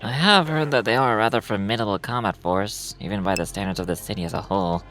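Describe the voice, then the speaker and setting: An actor playing a composed, formal male researcher who explains things in a measured, polite way. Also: on the low side, a bit bright, faint music behind, close to an everyday voice.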